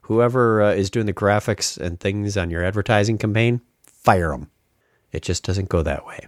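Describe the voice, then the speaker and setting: A man's voice: on the low side, moderate pace, no echo, studio quality. A man hosting a podcast in casual chat, joking and ranting. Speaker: podcast host.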